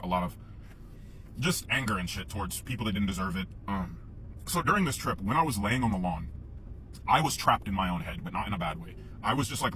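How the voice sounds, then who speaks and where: A man's voice: fairly low pitch, fairly bright tone, slight background noise, low-quality recording. A man telling a casual, rambling story to camera, swearing freely and often laughing.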